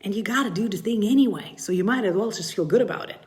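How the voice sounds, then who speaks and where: A middle-aged woman coaching mothers in a live-streamed talk, speaking to viewers with animated swoops in her voice when she acts out feelings. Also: mid-range voice, fast.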